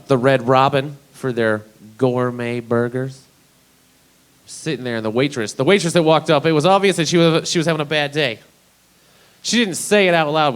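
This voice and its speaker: This is a young man doing stand-up at a small live venue. He is from Idaho and tells stories in a loose, profane, deadpan way. His voice sits at an everyday middle pitch. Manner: casual, profane, deadpan storytelling. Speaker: stand-up comedian. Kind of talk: stand-up comedy set.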